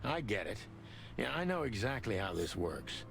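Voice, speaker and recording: Wry noir rooster detective, low and gravelly, lively delivery. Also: male voice, moderate pace, background noise. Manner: streetwise, wry, calls people pal and big guy. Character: hard-boiled rooster detective, wisecracking. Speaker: game character.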